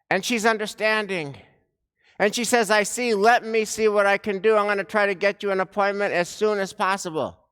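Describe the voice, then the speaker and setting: A man delivering a sermon as a rabbi, telling a story slowly and deliberately with dramatic pauses, recorded in a synagogue sanctuary. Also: high-pitched, a bit bright, clean tone. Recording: long reverb of a large sanctuary.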